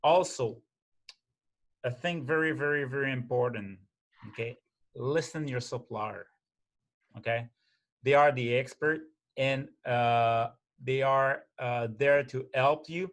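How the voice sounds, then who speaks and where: A man giving a webinar presentation, talking in a halting way with many restarts and fillers and checking in with a frequent "okay?". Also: mid-range voice, fairly bright tone.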